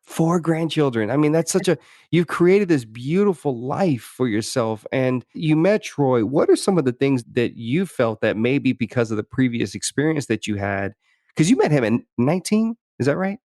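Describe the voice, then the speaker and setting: A man's voice: medium pitch, big pitch swings, normal speed, darkish tone, dry recording, studio quality. A man hosting a podcast, talking through personal stories in a thoughtful way, with many restarts and "you know"s. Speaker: podcast host. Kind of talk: reflective interview conversation.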